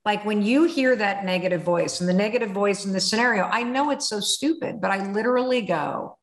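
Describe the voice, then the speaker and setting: A woman in her fifties from the United States, hosting a podcast with animated, candid storytelling and some swearing. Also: mid-range voice, fairly quick, hardly any pauses. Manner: animated storytelling, swearing, acts out inner voices. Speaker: podcast host. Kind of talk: candid conversational interview. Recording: roomy echo.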